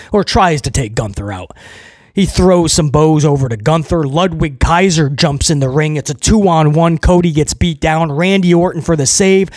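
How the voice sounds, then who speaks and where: A man's voice: a little high, darkish tone, dry recording, clean studio sound. Sarcastic man recapping in casual talk. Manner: sarcastic, mocking, swears, keeps asking "right?". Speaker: host recapping a wrestling show.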